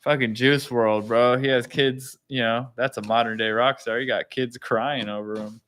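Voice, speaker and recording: A man co-hosting a casual podcast chat, telling stories with lots of swearing and acting out what others said. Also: moderate pace. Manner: animated storyteller, mimics his son in higher voice, swears a lot. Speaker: podcast co-host.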